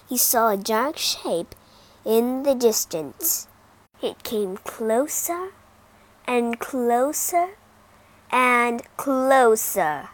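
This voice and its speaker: A woman reads a children's storybook aloud, very slowly and with dramatic expression. Her voice sits fairly high and rises and falls a lot. She narrates each phrase with care for learners.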